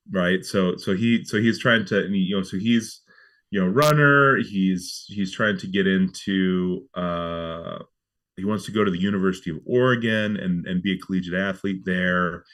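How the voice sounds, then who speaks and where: A man's voice: low-pitched, fairly bright tone. A man talking casually as a guest about a film festival, rambling with many fillers. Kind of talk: casual interview chat.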